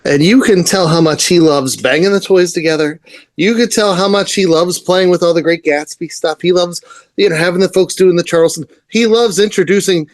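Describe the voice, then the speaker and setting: Excitable man gushing in podcast chat. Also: sits high, fairly quick, no room sound. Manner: enthusiastic, rambling, laughs often. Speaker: podcast co-host. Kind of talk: casual comic book review chat.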